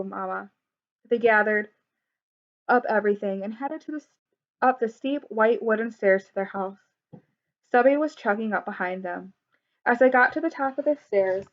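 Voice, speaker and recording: A woman reading a children's story aloud in a clear, expressive way. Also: fairly high pitch, normal speed, long pauses. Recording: dull lo-fi recording.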